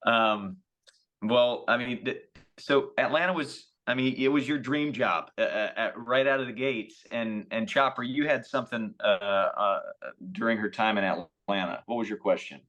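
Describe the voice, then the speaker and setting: Podcast host, man, mid-pitched, keeps chiming in with agreement. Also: normal speed, fairly bright tone, highs cut off. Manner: affirming, interjects often. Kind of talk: casual chat.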